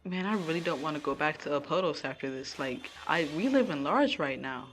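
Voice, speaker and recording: A woman's voice: deep voice, expressive, brisk, soft background music. A woman streamer playing a game live at home, chatting casually and talking to her viewers as she plays. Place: room at home.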